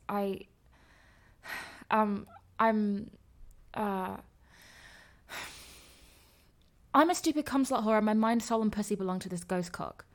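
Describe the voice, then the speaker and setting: A woman playing a breathy, flustered young streamer. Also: medium pitch, darkish tone, natural voice.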